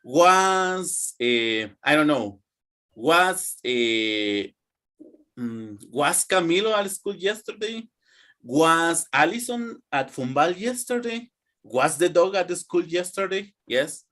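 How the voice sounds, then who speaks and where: A man's voice: on the high side, expressive, takes it slowly, bright, forceful tone. A young man teaching an English grammar class, drilling students to repeat after him. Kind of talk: online classroom lesson.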